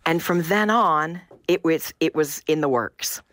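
A woman's voice: deep voice, unhurried, fairly bright tone, no echo, clean studio sound. An American woman, a theatre director, speaking enthusiastically as a guest on a phone line. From United States. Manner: enthusiastic, effusive. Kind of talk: phone interview.

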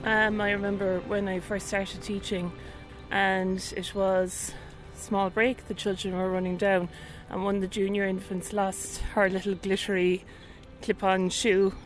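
A woman teacher recalling a memory in an even, matter-of-fact way. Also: mid-range voice, unhurried, faint music behind, rough recording. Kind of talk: interview anecdote.

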